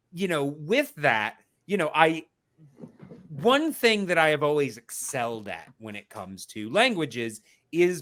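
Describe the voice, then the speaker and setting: A man on a podcast giving a casual mock lesson, talking slowly and explaining step by step with lots of fillers. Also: mid-range voice, sharp tone. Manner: slow, explanatory, many fillers and restarts. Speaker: podcast co-host.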